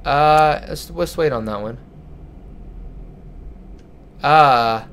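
A man's voice: fairly high pitch, very slow, a bit bright, smooth. A young man hosting a let's play, chatting casually and reading game dialogue aloud in his own voice. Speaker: gaming channel host.

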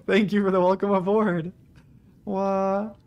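A man's voice: high-pitched, flat delivery, slow pace, darkish tone. A young man streaming a game live, chatting and rambling, shrieking and laughing when startled. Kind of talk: live gameplay commentary. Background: faint game music.

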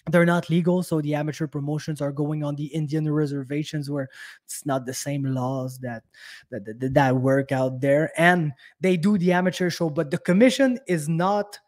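A man's voice: a little high, fairly even intonation, moderate pace, darkish tone. Furious, cursing man. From Quebec. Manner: heated, profane, repetitive restarts. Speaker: podcast host. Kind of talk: angry casual rant.

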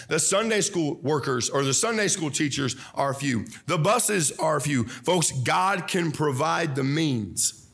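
A young man, a pastor, preaching a fervent sermon with loud mock voices and low asides. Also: creaky. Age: young adult.

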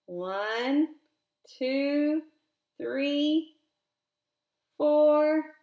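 Slow, expressive woman reading a picture book. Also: sits high, muffled recording. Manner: slow, expressive, with gentle questions to a child. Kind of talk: reading a counting book aloud to a child. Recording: roomy echo.

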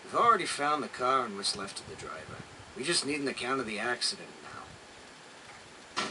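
A gruff, dismissive police officer, played by a man in a game cutscene, mid-pitched and offhand. He talks in a rough, casual way, brushing things off, over noisy game audio. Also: very animated, normal speed, close to an everyday voice. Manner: casual, dismissive, rough working-class speech. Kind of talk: dubbed video game cutscene.

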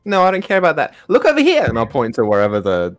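A young man playing a tabletop game, excitable and animated. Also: fast, soft background music. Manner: excitable, jumps into high squeaky character voice. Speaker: player.

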